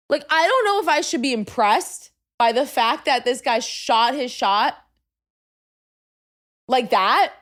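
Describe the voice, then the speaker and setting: Animated high-voiced young woman storyteller. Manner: animated, swings from hushed asides to loud exasperated outbursts, heavy filler "like". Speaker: podcast host. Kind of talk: casual storytelling chat.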